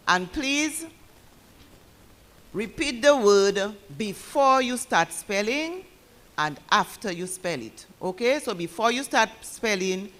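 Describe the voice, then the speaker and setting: Woman, spelling bee pronouncer; unhurried, careful, instructive delivery. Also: medium pitch, fairly bright tone. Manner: slow, deliberate, repeats instructions clearly. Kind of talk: calling out words at a school competition.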